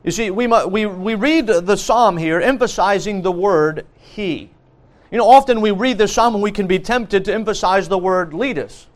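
A man's voice: high-pitched, normal speed. A man preaching a sermon, earnest, repeating key phrases with frequent restarts and fillers.

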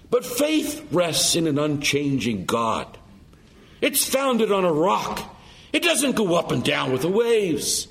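A man's voice: a little high, fairly bright tone. A man preaching a sermon, emphatic and full of rhetorical questions.

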